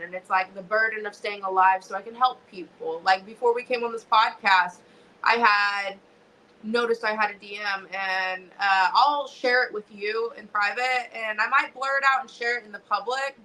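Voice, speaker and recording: A woman's voice: medium pitch, steady tone, normal speed, sharp tone, a little hiss or hum, rough recording. A young woman, a wrestler and podcast guest, talking emotionally and swearing freely, with many restarts. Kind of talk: casual podcast chat.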